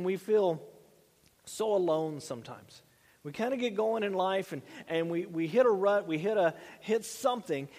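High-voiced pastor in a reverberant hall. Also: male voice, darkish tone. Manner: conversational, many repeated words and fillers. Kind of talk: sermon.

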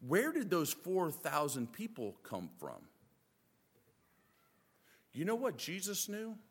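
A high-voiced male preacher with a wildly swinging delivery, playing the disciples' complaints for laughs. His voice rings out into a big hall with a long echo trailing behind each phrase. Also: huge pitch swings, takes it slowly, breathy edge. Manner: acts out disciples' voices, joking asides. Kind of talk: animated sermon.

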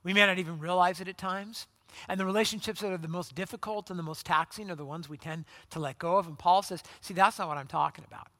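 Man, pastor, sermon, conversational, high voice, dry sound. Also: quick pace, sharp tone, dry recording. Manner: conversational, acts out quoted voices, repeats words.

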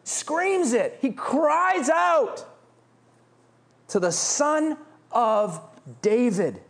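A man preaching a sermon from the pulpit, his delivery lively and full of swings in pitch. He moves between reading scripture and acting out the beggar's loud, pleading cries. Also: drawn-out words, vocal fry. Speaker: pastor.

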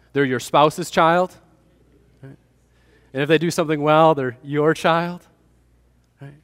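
A man's voice: a little high, long reverb tail. A man preaching a sermon, building emphasis and asking the congregation rhetorical questions. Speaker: pastor.

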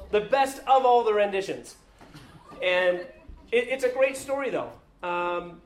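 Man, pastor, casual sermon, chatty, joking, lots of fillers, roomy echo. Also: high voice. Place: church hall. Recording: echoey room.

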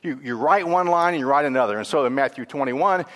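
A man preaching a sermon, lively and conversational, moving between animated questions and hushed, grave passages. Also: mid-range voice, quick pace, in a large hall. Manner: self-correcting, laughs at own stumbles.

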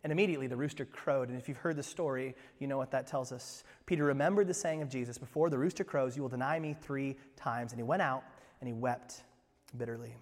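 A male pastor delivering a sermon, telling stories animatedly and swinging from hushed to loud. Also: mid-range voice, fast, long reverb tail.

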